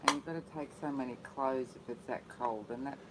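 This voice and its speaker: A woman's voice: very deep voice, a little fast. Teasing woman over a noisy recording. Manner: teasing banter. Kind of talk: casual chat.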